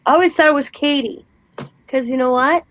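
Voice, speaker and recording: A woman in her forties hosting a casual craft chat, telling stories in a chatty, animated way. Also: sits high, brisk, dry recording, dull audio. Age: 40s. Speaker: host.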